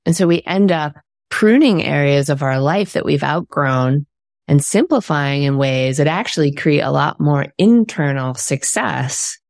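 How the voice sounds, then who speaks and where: Woman author guest, low voice, calm and earnest, dry close sound. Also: measured pace, no echo. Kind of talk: reflective interview talk.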